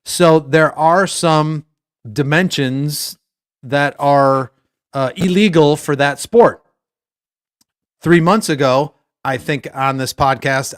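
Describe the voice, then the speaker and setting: A man's voice: mid-range voice, clean tone, dry recording, studio quality. A man co-hosting a sports podcast, chatting casually in a rambling, jokey way. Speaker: podcast co-host.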